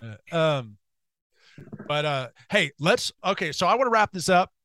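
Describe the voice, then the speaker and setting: A man's voice: a little high, very animated, a little slow, bright, forceful tone, no room sound. A man in his forties hosting a podcast, chatting loosely with a guest, swearing freely and laughing often. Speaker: podcast host. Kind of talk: casual chat.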